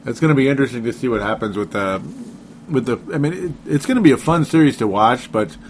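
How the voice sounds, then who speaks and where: A man's voice: mid-range voice, fast, slight background noise. A man co-hosting a casual sports podcast, rambling, laughing often and breaking off his own sentences. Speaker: podcast co-host.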